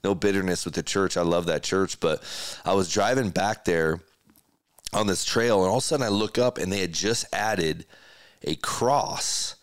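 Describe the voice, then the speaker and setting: A middle-aged man with a very low voice tells a personal story with earnest feeling, breaking off and restarting sentences as he goes. The sound is dry and close, with no room around him. He talks like a podcast host opening up in conversation. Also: normal speed, clean tone, no room sound. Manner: emotional, earnest, speaks in restarts and quotes.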